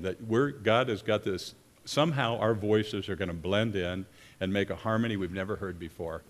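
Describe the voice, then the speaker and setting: Deep-voiced earnest preacher in a reverberant hall. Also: male voice. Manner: earnest, halting with many restarts. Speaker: pastor or worship leader. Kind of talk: sermon. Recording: long reverb of a church hall.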